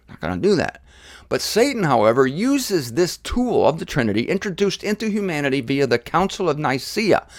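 Animated conversational male preacher. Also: fairly high pitch, dry recording, studio quality. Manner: animated, conversational, mocking mimicry of critics. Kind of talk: informal sermon series.

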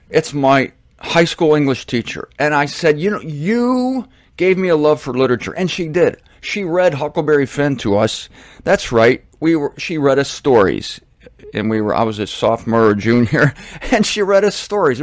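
A middle-aged man tells a meandering story in a casual monologue, often correcting himself mid-thought. His voice sits a little high for a man. The sound is dry and close, with no room around it. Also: no echo. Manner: rambling, self-correcting, animated asides. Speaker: host.

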